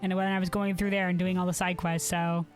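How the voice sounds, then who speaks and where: A woman's voice: on the low side, flat delivery, fairly quick, soft background music. A woman streamer chatting casually over her gameplay, giggly and self-deprecating.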